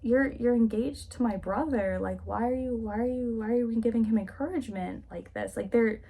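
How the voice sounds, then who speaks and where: A woman voicing a naive, flustered young heroine, talking in an earnest, halting way while recapping a novel. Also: a little high, gravelly, warm tone, slightly rough. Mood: distressed. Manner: earnest, flustered, repeating herself.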